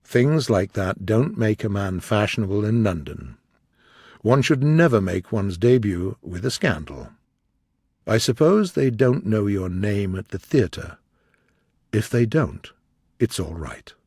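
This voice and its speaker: A man reading an audiobook voices Lord Henry, a worldly gentleman, in a low, measured, grave tone. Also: big pitch swings, breathy edge, dry recording, clean studio sound, exaggerated voice.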